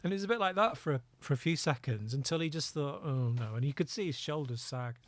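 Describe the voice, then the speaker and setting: A man's voice: fairly high pitch, fast talker, no echo. A middle-aged man, a former undercover police officer, telling vivid anecdotes as a podcast guest and laughing at his own stories. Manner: lively anecdotal storytelling, laughs at own story. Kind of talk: storytelling in a podcast interview.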